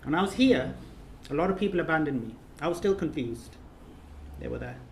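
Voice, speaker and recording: A man's voice: fairly high pitch, lively intonation, brisk, slight background noise. A man giving an earnest, emotional closing speech at a course ceremony, often repeating his words for emphasis. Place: reception room in a residence. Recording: echoey room, faint ambience.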